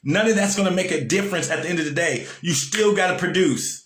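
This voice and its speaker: A man's voice: sits high, fast, fairly bright tone, reverberant. A man giving a casual motivational talk, repeating lines for emphasis and asking his listeners questions. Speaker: motivational speaker.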